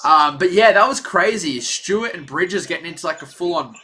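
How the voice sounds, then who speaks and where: A young man hosts a live basketball stream with rambling, chatty commentary. His voice sits high and bright, and it swings widely in pitch as he gets excited. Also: fairly quick. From Australia. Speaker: livestream play-by-play host.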